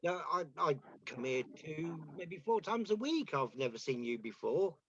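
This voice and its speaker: A man's voice: fairly high pitch, very animated, normal speed, muffled recording, slight background noise. A man playing a devoted gallery regular who hesitates and repeats words, then gushes about paintings, in an amateur stage drama. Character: enthusiastic male art-loving gallery regular.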